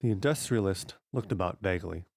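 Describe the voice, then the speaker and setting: A man narrating a short story in a steady, unhurried way. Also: deep voice, creaky, no room sound. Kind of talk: scripted audiobook narration.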